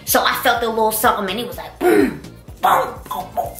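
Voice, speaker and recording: Speaking a little fast in a fairly high voice, this young college woman recounts a personal story with casual emphasis and lively energy. She acts out the dialogue herself. Faint music and a roomy echo fill the recording.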